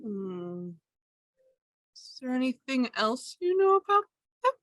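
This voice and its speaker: A woman's voice: high-pitched, big pitch swings, slow pace, fairly bright tone. A woman playing a tabletop game, chatting in a playful, teasing way. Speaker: player.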